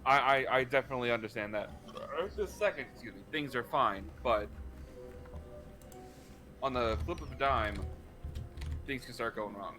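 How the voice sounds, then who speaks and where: Bright-voiced joking male player. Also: mid-range voice, moderate pace, long pauses, faint music behind. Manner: jokey, stumbling restarts. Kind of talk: casual tabletop game chat.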